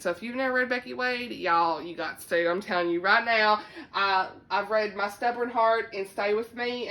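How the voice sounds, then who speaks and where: A young Southern woman talks to her channel about books in a chatty, easygoing way and laughs often. Her voice is bright and lively, and her drawl stretches through every "y'all.". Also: mid-range voice. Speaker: book vlogger. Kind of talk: casual chat to camera.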